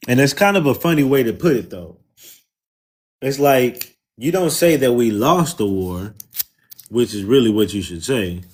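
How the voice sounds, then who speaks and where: A man's voice: medium pitch, animated, a little slow, a little mellow. A man with a Southern US accent, hosting a loose, mocking, profane livestream and talking casually. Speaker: livestream host.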